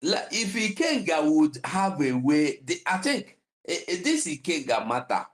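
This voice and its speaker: A man on a talk show, telling a story with frequent laughter. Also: unhurried. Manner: animated storytelling, laughs often, lively pitch. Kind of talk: casual chat.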